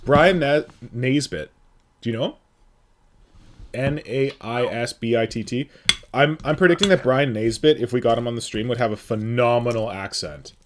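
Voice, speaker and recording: A man's voice: mid-range voice, moderate pace, a little hiss or hum. A man hosting a casual live stream, joking and reading out viewers' names. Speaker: stream host.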